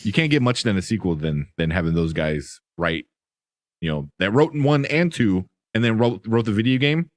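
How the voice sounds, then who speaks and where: A man chats about films as a podcast host, his voice sitting on the low side. He rambles with lots of fillers and plenty of enthusiasm. The sound is dry and close, with no room around it. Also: animated, normal speed, no echo. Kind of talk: casual movie review chat.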